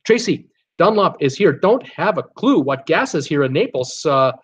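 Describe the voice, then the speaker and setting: A man's voice: fairly high pitch, big pitch swings, moderate pace, slightly rough. Chatty man reading live chat. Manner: chatty, reads viewer comments aloud with many fillers. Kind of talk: casual live-stream chat. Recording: dull lo-fi stream audio.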